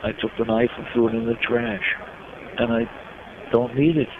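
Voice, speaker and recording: An older man from New York, a guest in an interview, telling his life story slowly and with emotion. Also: mid-range voice, fairly even intonation. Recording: dull lo-fi recording with noise.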